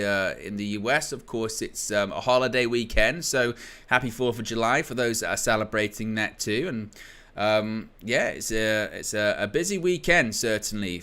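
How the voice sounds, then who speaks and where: A man's voice: fairly low pitch, sharp tone. A young man hosting a football watchalong stream, chatting casually and reading out viewer comments with a joking manner. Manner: chatty, jokey, reads chat comments aloud. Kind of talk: casual live-stream chat.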